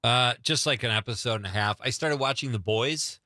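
A man's voice: medium pitch, a little fast, bright, forceful tone, dry recording, clean studio sound. A middle-aged man hosting a show, chatting casually and laughing easily with his guest. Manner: easygoing, laughs often. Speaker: radio show host. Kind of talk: casual chat.

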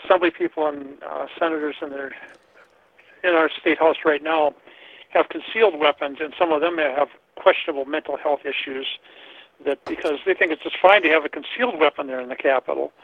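A man's voice: fairly high pitch, a little fast, dry recording. A man calling in to a talk radio show, rambling and repeating words as he searches for them, heard over a phone line. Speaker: caller.

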